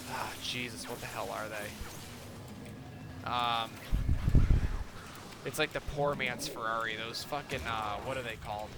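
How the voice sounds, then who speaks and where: A young man in his twenties telling a rambling, profane story in casual chat while gaming, full of fillers. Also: mid-range voice. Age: 20s. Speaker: gaming streamer. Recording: noisy background.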